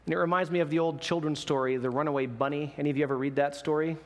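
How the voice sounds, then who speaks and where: A male pastor giving a sermon, telling a story in a lively way and acting out the people in it. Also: on the high side, racing. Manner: lively storytelling with quoted voices. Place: church sanctuary. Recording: echoey church hall.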